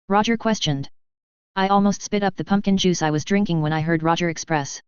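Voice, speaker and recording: A narrator giving an even, unhurried first-person reading of a fan fiction story. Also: mid-range voice, clear, resonant tone, no echo, muffled recording.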